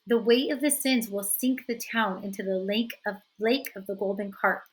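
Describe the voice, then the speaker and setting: A woman teacher reading a novel aloud in a steady narrating voice. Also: medium pitch, moderate pace, rough recording.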